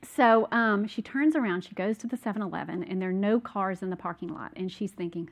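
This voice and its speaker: A woman's voice: medium pitch, fairly quick, gravelly. A woman telling personal stories in a casual, rambling way, full of fillers and asides. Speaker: speaker recounting a conference.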